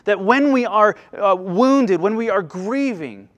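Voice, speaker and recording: Male pastor, 30s, earnest sermon, slightly high voice, swings loud and soft. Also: expressive, measured pace, dull audio. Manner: earnest, rising and falling delivery with frequent restarts.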